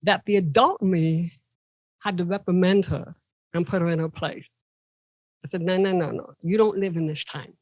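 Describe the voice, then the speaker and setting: At a normal speed with long pauses, a podcast guest from Ohio, USA, tells personal stories animatedly, performing quoted voices with large pitch leaps. The recording is dry and lo-fi.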